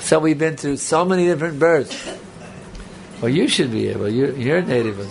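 Amid crowd noise, a male spiritual teacher with a fairly high, gravelly voice speaks at a moderate pace. He rambles conversationally through his talk, bantering and joking with the live audience.

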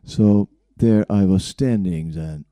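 A man's voice: deep voice, takes it slowly, mellow, dry recording. A man, not an English speaker, telling stories from his own life in a rambling way, with frequent chuckles and "right?" tags. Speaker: speaker recounting his spiritual journey. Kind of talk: storytelling talk.

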